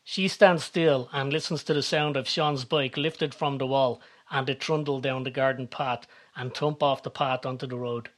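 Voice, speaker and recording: A man giving calm, measured scripted narration. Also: mid-range voice.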